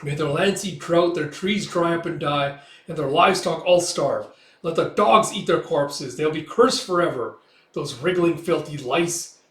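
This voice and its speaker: A vengeful wounded father spits curses and threats, slow and spiteful, as a man reading a comic voices him. The voice is a touch high for a man and bounces around an echoey room. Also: lively intonation, fairly bright tone. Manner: snarling, cursing, spiteful. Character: bitter wounded older father, vengeful villain.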